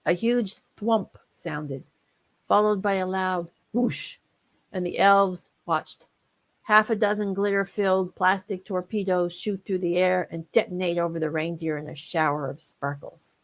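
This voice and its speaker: A woman author narrating her own comic holiday story in a lively, playful reading. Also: on the low side, unhurried.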